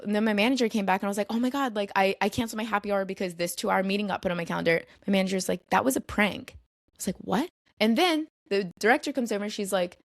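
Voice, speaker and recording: Twenty-something girl podcasting solo, lowish voice, dry close mic, super chatty and dramatic. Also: dry recording. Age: 20s. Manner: chatty, filler-heavy, dramatic retelling. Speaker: podcast host.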